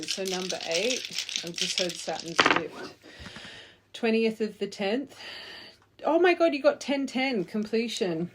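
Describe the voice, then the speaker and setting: A woman's voice: on the low side, background noise. Woman giving a chatty card reading. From Australia. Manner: chatty, warm farewells, reads numbers in quick lists. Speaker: tarot reader. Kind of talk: casual intuitive reading to camera.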